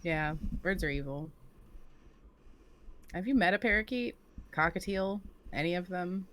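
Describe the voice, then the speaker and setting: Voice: mid-range voice, lively intonation, measured pace, fairly bright tone. A player in a tabletop game, teasing and suspicious in character.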